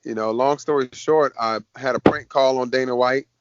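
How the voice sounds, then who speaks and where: A man, a fighter being interviewed, telling stories in a casual, lively way. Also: medium pitch, normal speed, clean tone, dry recording. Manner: lively storyteller, acts out quoted voices. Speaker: MMA fighter guest. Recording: dull dry podcast audio.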